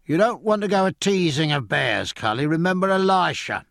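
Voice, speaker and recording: A man's voice: a little high, big pitch swings, normal speed, a bit bright, no room sound, studio quality, voice pushed up, heavily acted. A man voicing a cheerful, superstitious English sailor who talks coarse and salty. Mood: earnest. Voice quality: rough, salty, swearing.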